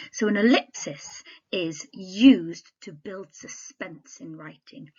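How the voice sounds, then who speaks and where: A woman primary school teacher giving a recorded home-learning literacy lesson, speaking clearly and expressively and putting questions and prompts to her pupils. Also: mid-range voice, muffled recording. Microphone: laptop.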